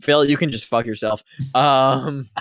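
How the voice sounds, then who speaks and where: A man's voice: medium pitch, fairly even intonation, measured pace, fairly bright tone. A man running a tabletop game as dungeon master, breaking character with laughing, self-mocking asides. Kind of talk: casual game chat.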